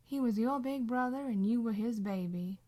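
A woman voicing a kindly, teasing old blind woman who speaks gently and motherly in a storybook reading. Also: on the high side, normal speed, pitched above the performer's own voice, natural voice. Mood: gentle.

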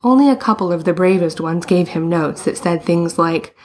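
A woman reading a story aloud in a scripted, even storytelling narration. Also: fairly low pitch, moderate pace, few pauses. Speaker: audiobook narrator.

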